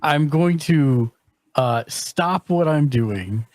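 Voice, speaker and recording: A man's voice: on the high side, expressive, slow, a little mellow, dry recording, studio quality. A man playing a tabletop game, stumbling and hesitant as he describes his moves. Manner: hesitant, stumbling, laughing easily. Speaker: player.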